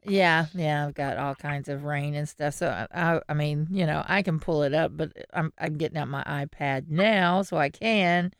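A woman cohosting a chatty podcast, slightly low-pitched and smooth-voiced. She tells her stories with animation, curses freely and laughs often, recorded close and dry with no room sound. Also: moderate pace, hardly any pauses, no room sound. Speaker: podcast co-host. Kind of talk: casual podcast chat.

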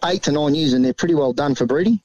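An Australian man with a quick, joking delivery, chatting about pigeons in casual banter. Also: on the high side, darkish tone, no echo, muffled recording. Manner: fast-talking, laughing, does mocking voices in stories. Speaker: pigeon fancier guest.

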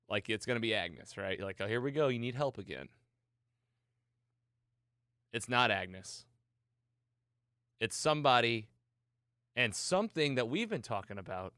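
A man hosting a podcast, retelling a TV episode in casual, excited chat. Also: medium pitch, clear, resonant tone, no echo, studio quality. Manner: excited, animated storytelling. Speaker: podcast host recapping a TV episode.

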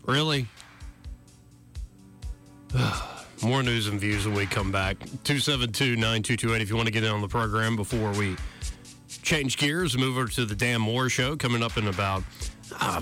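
A man's voice: fairly low pitch, a little slow, pauses often, bright, forceful tone, faint music behind. A man hosting a call-in talk radio show, casual and wry, laughing through mocking asides.

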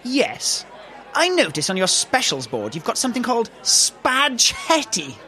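A woman's voice: a little high, wildly swooping pitch, moderate pace, a bit bright, a faint crowd. A woman playing a snobbish diner with a disdainful, dramatic manner. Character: snobbish adult female diner.

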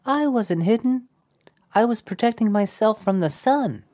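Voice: medium pitch, lively intonation, measured pace, darkish tone, no room sound, clean studio sound, lightly acted. An actor voicing a bratty, dramatic young boy in a parody sitcom, with whiny, theatrical outbursts. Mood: petulant.

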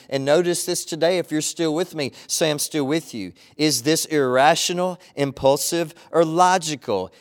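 A man preaching a sermon as a pastor, earnest, with a repetitive cadence and slow, emphatic pauses. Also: fairly high pitch. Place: church online broadcast.

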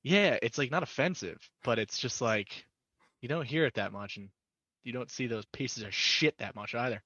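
A man's voice: medium pitch, normal speed, pushed and bright, no room sound, muffled recording. A man co-hosting a podcast who jokes with crude insults in casual chat. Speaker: podcast co-host.

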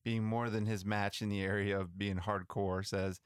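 A man co-hosting a podcast, chatting and retelling missionary history in a relaxed, conversational way with some restarts. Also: on the low side, normal speed, smooth, dry recording, clean studio sound. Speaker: podcast co-host. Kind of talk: casual storytelling about missionary history.

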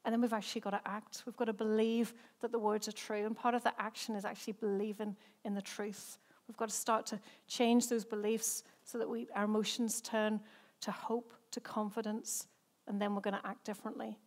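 A woman's voice: mid-range voice, little pitch movement, brisk, few pauses. A woman, a senior pastor who preaches a sermon in a chatty, self-mocking way and laughs often. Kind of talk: sermon with personal stories.

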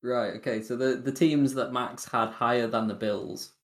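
A man's voice: medium pitch, steady tone, moderate pace. Man making his case on a podcast. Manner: reasoned, hedging with "like" and "I think". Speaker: podcast co-host. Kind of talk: casual podcast chat.

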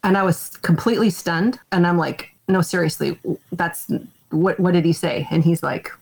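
A middle-aged woman who works as a baseball umpire, speaking in a slightly low voice. She chats candidly in a casual podcast interview and brings her anecdotes to life as she retells them. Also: fairly even intonation, moderate pace, gravelly, darkish tone. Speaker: baseball umpire and umpire association president.

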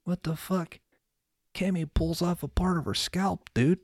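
A man's voice: sits high, measured pace, breathy edge, dry recording, studio quality. A man hosting a podcast, casually recapping a movie in a laid-back, profane storytelling way. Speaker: podcast host.

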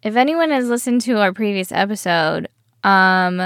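A woman's voice: medium pitch, animated, fairly bright tone, dry recording, studio quality. Chatty giggly woman podcast co-host. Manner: chatty, giggly, quick bursts. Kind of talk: casual podcast chat.

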